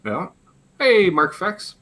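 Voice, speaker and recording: Male livestream host, fairly high, bright, a touch hoarse, loose and swearing. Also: big pitch swings, slow pace. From Canada. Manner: rambling, joking, swears casually. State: slightly hoarse. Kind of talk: casual live Q&A chat.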